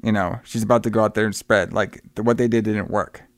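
Smooth-voiced man, swearing recap. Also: on the low side, fairly even intonation, fast talker, dry recording, clean studio sound. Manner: profane, rambling, acts out quoted lines. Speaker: podcast co-host recapping a film. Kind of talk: casual chat.

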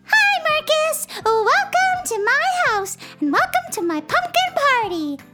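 A woman's voice: very high-pitched, very animated, measured pace, loud music behind the voice. A woman hosting a children's story show, chatting playfully and cheerfully with a young guest and playing along with a make-believe game.

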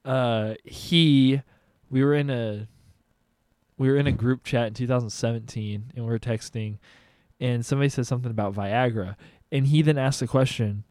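A young man casually telling crude stories on a podcast, animated and profane. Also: mid-range voice, moderate pace, no room sound. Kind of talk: casual storytelling chat.

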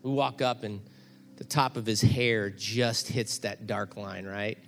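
A middle-aged man pastor preaching a sermon, telling a story that builds to loud, animated peaks. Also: fairly low pitch, unhurried, a little hiss or hum.

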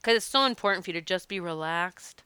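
A woman who works as a past life regression practitioner, talking casually to her audience and telling stories in an animated, emphatic way. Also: lowish voice, fast talker, clean tone, no echo. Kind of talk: casual spoken talk to an audience.

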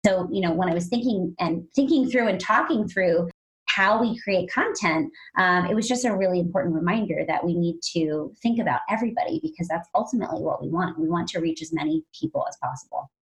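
A woman co-hosting a casual podcast chat, her voice swinging up and down as she tells stories. She acts out what other people said, jumping into higher, excited voices for them. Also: fairly quick, low-quality recording. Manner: animated storyteller, acts out quoted voices. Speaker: podcast co-host.

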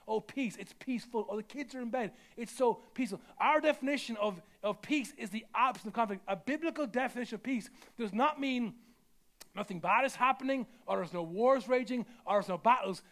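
High-voiced pastor preaching. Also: male voice, a bit bright. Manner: conversational, repeats words, builds with rising emphasis. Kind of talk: sermon.

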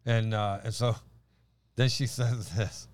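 A man's voice: fairly low pitch, fairly even intonation, slow, no room sound. A man co-hosting a faith chat, telling a story with lots of laughter and restarts. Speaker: podcast co-host.

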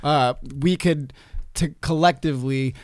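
A man's voice: a little high, unhurried, no room sound, clean studio sound. A young man co-hosting a casual faith podcast, agreeable and summing things up. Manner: easygoing, agreeable, sums things up. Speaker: podcast co-host. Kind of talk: casual chat.

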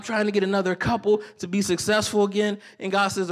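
A man preaching a sermon, moving between loud, rising exhortation and quiet, confessional storytelling, with casual slang and self-deprecating asides. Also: sits high, level tone, fairly quick. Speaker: pastor.

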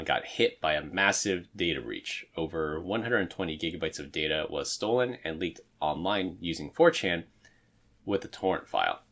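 A man hosting a podcast, chatting casually and then reading out a tech news rundown. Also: low-pitched. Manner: hesitant, restarts a lot in chat, steady when reading news. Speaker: podcast host.

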